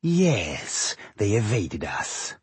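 A man voicing a malicious, cold male elf warrior who speaks slowly, softly and menacingly in an audiobook. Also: medium pitch, very animated, husky, no echo, heavily acted. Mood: coldly mocking. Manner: slow, soft and menacing.

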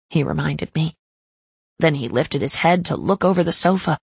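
A woman narrating a first-person romance story in a soft, intimate reading voice. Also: low-pitched, unhurried, gravelly, slightly rough, dry recording. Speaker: audiobook narrator.

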